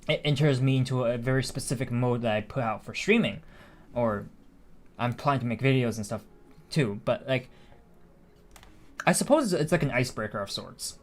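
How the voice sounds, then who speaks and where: A man's voice: medium pitch, moderate pace, long pauses. A man streaming a video game, chatting casually and thinking aloud with frequent restarts and fillers. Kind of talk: casual live-stream chat while gaming.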